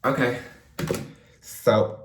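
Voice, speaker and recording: A man's voice: extremely slow, echoey room, distant mic, background noise. A man talking casually to his viewers as a makeup vlogger, chatty, playful and self-mocking, with the odd swear. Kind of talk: casual chat to camera.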